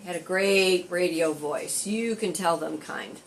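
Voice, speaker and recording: An older woman, a content creator who also tends bar, telling a rambling story in a casual vlog and going animated when she quotes people. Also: lowish voice, normal speed, a little hiss or hum, rough recording. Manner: rambling, chatty, animated when quoting others.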